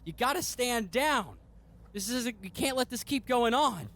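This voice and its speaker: A desperate grown son, put on by a man running a tabletop game pleads in a high, strained voice pitched far above the narrator's own. His words come out loud and urgent. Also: lively intonation, normal speed, heavily acted. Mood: pleading. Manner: pleading, strained, rising to shouts.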